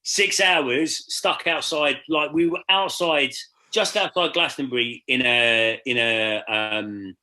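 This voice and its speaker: Bright-voiced man telling stories. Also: mid-range voice, slow. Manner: animated storyteller, swearing, acting out voices. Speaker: podcast host. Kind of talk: casual chat. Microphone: video call.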